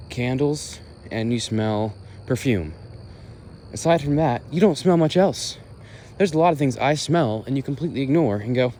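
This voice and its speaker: A man's voice: medium pitch, mellow, a little hiss or hum. A young man ranting in exasperation during a walk-and-talk vlog, recorded outdoors at dusk. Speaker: vlogger.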